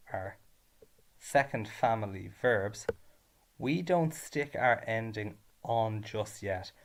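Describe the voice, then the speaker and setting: Slow, deliberate man teaching. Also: mid-range voice. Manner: switches between Irish and English, stressing each ending. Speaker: Irish language teacher. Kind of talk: slow, clear grammar lesson.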